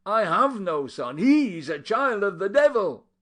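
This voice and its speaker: A man voicing a fierce, pious elderly aunt who scolds in shrill, preaching outbursts. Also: animated, unhurried. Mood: angry.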